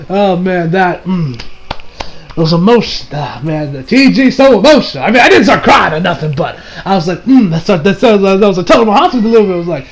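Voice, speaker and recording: A man giving a casual, rambling recap of an anime episode, full of filler words and restarts, sometimes breaking into excited laughter. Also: high-pitched, brisk, rough recording. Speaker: anime reviewer.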